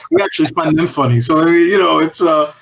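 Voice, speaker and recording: A man's voice: fairly high pitch, quick pace, vocal fry, dull audio, over a noisy crowd. Candid, profane man telling stories. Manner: candid and profane, often restarting and trailing off. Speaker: podcast guest from a cigar company. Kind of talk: casual anecdotal storytelling.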